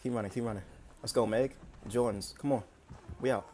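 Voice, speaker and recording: A man's voice: fairly low pitch, fairly even intonation, fast, mellow, slight background noise. A man streaming a video game, repeating short phrases to himself as he plays. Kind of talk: casual gameplay commentary.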